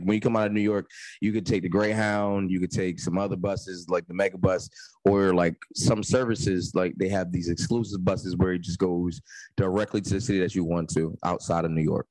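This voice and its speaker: A man, a podcast co-host, telling a story in casual chat, animated and laughing often. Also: low voice, no room sound, poor audio.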